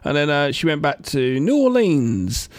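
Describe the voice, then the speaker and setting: A man with a London accent co-hosting a podcast, excitable and swearing freely. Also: fairly high pitch, moderate pace, dry recording. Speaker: podcast co-host. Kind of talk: casual chat.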